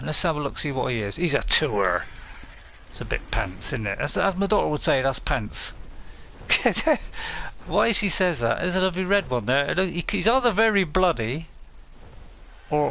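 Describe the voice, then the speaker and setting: A man's voice: fairly high pitch, sing-song, moderate pace, creaky, a bit bright. A man chatting casually on a live game stream, playful and rambling, laughing often.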